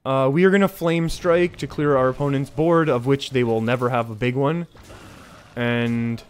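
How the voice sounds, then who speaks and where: A man's voice: medium pitch, fairly even intonation, normal speed, clean tone. A man with a Canadian accent giving casual, chatty commentary while streaming a card game. He often chuckles at himself and restarts his sentences as he talks to his chat.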